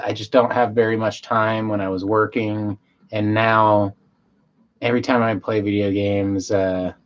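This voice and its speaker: A man hosting a casual livestream, high and rambling, swearing freely and losing his train of thought as he reads chat aloud. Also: muffled recording. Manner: loose, meandering, self-interrupting, stoned and swearing. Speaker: livestream host.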